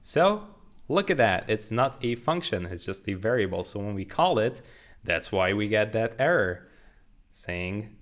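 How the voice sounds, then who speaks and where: A young man with a fairly low voice gives an upbeat coding lesson. He explains things casually and cracks small jokes while talking through what he types. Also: very animated, measured pace, a bit bright. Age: 20s. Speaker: programming tutor. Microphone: studio condenser mic.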